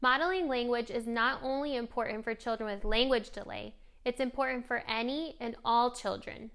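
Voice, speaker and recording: A woman presenting a scripted lesson for parents on modeling language for young children, coaching in a clear, gentle way. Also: a little high, moderate pace. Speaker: speech therapy presenter. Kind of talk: scripted instructional narration.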